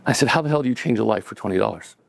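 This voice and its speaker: A middle-aged man telling a personal story to a live audience, relaxed and conversational, with chuckles and acted-out quotes. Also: fairly low pitch, rapid-fire, gravelly.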